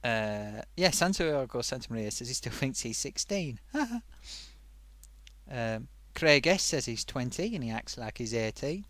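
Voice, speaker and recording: A man's voice: mid-range voice, big pitch swings, measured pace, a bit bright, no echo. A man voicing a chatty, affable male sock puppet who hosts a live stream, rambling playfully and giving friendly advice to viewers.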